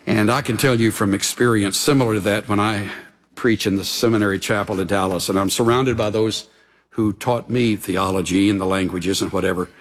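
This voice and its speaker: A man preaching a sermon as a pastor, in a measured, earnest delivery that sinks into hushed, intense passages. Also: on the low side, fairly even intonation.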